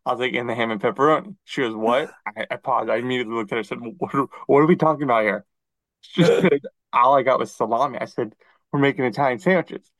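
A man co-hosting a podcast, chatting casually and acting out quoted dialogue in an animated storytelling manner. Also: medium pitch, fast, dry recording, poor audio. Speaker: podcast co-host. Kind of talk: casual chat.

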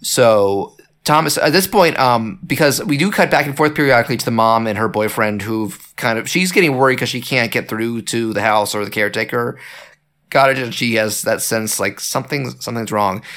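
A man casually discussing a horror movie, animated and full of fillers and restarts. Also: medium pitch, moderate pace. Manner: animated, lots of fillers and restarts, acts out quotes. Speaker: podcast co-host.

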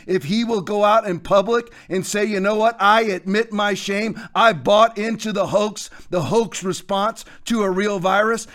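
A man hosting a show, preaching commentary in a forceful, hectoring way with repeated phrases. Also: high-pitched. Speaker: host.

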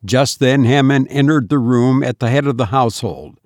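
A man reading a first-person gothic story aloud in a measured, solemn manner. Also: medium pitch, darkish tone, no echo, clean studio sound. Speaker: audiobook narrator.

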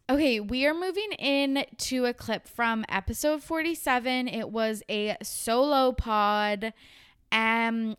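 A woman's voice: on the high side, smooth, dry recording, clean studio sound. A young adult woman hosting a podcast in casual chat, laughing often and swearing freely. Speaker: podcast host.

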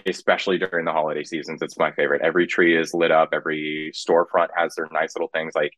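Deep-voiced young man from Kansas. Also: no room sound. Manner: relaxed, drawn-out speech with many fillers. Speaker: guest. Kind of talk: casual interview chat.

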